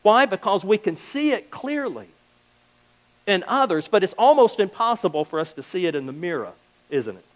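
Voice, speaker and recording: Man, pastor, high voice, easygoing sermon, acts out quick quoted exchanges. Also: very animated, low-quality recording. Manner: conversational preaching, acts out little quoted exchanges. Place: church.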